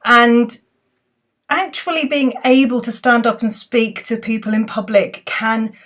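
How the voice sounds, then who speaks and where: A woman's voice: fairly high pitch, fairly even intonation, a little slow, a bit bright. A woman talking to her computer's webcam, giving friendly, chatty advice as a public speaking coach, with small restarts. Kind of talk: casual talk to camera giving advice. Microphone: computer webcam mic.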